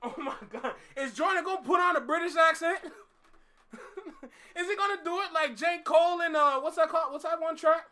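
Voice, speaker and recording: A man hosting a music reaction video, giving casual commentary, excitable and breaking into shouts and laughter. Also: very high voice, moderate pace.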